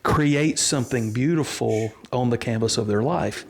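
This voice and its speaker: A middle-aged pastor with a drawl tells his story slowly and earnestly, picking up again after small restarts. His voice sits at an ordinary pitch for a man and sounds plain and natural. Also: vocal fry. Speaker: pastor and interview guest. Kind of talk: storytelling in a casual interview.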